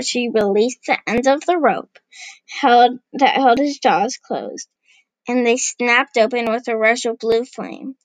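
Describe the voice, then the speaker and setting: A woman reading a storybook aloud, unhurried, giving the characters light voices. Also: a little high, no echo, low-quality recording.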